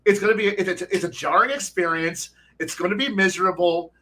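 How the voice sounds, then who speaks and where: A man's voice: sits high, fairly quick, sharp tone. A man on a podcast panel for dungeon masters, talking in a rambling, profane, casual way with many restarts. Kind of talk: casual chat. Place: podcast recording.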